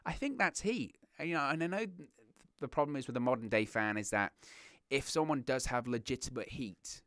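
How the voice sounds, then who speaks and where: A young man hosting a wrestling reaction show, chatting casually with lots of restarts and animated asides. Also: medium pitch, fairly quick, clear, resonant tone, no echo, clean studio sound. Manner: rambling, animated, self-interrupting with restarts. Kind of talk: casual solo commentary.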